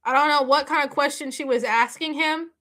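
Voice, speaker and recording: A woman's voice: high-pitched, fairly quick, sharp tone. A woman hosting a live stream, chatting casually with viewers in an emphatic, repetitive way and laughing often. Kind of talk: casual reaction chat with viewers.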